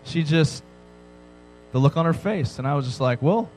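A man's voice: on the high side, fairly even intonation, moderate pace, darkish tone, soft background music, poor audio. A man in his thirties preaching a sermon, joking and telling stories with frequent "right?" asides. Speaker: pastor. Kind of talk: sermon to a youth audience.

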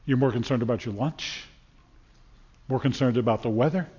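A man's voice: medium pitch, normal speed, dark tone, breathy edge. A man preaching a sermon as a pastor, folksy and storytelling, often repeating words as he builds his points. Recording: dull sound with long reverb in a hall.

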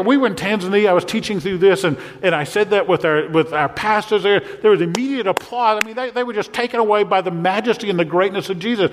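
Animated preaching man, reverberant hall. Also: high-pitched. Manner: animated preaching, swinging from hushed to loud exclamations. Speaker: pastor. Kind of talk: sermon. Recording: long reverb of a large hall.

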